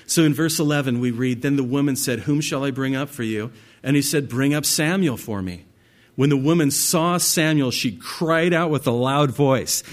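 A man with a mid-pitched voice teaching a Bible study as a pastor. He reads verses aloud at a measured pace, then talks them through in an easy, direct way, as if speaking to friends. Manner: reads scripture aloud, then explains it in a conversational way; addresses listeners directly as "guys".

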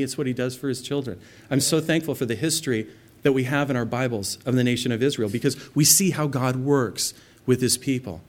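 A man delivering a sermon as a pastor, swelling loud on scripture readings and dropping soft and low for intimate appeals.

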